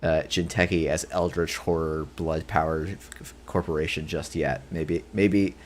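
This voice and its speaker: Host guy with a very deep voice, rambling, restarts a lot, faint hiss behind. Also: level tone, normal speed. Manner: rambling, self-correcting, jokey. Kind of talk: casual livestream chat.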